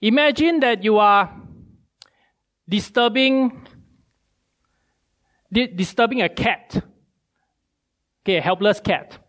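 A male preacher, giving a sermon with animated storytelling and many rhetorical questions. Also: high-pitched, takes it slowly, long pauses.

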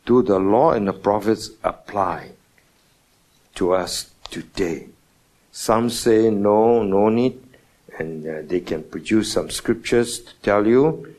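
A man preaching a morning sermon, stressing words with sudden loud and soft swings and asking his listeners questions. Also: low voice. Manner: emphatic, rising and falling in loudness for stress; asks the congregation rhetorical questions.

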